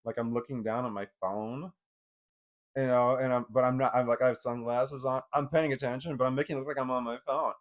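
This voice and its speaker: A man's voice: mid-range voice, steady tone, fairly quick. A middle-aged man telling a personal story in casual vlog talk, rambling and profane, with many restarts. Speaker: vlogger.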